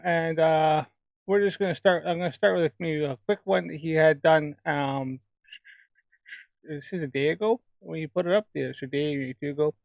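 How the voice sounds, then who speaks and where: A man's voice: on the high side, no echo, lo-fi sound. A man from Alberta, Canada, with a Canadian accent, rambling in casual chat while hosting a livestream. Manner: rambling, chatty. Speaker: livestream host.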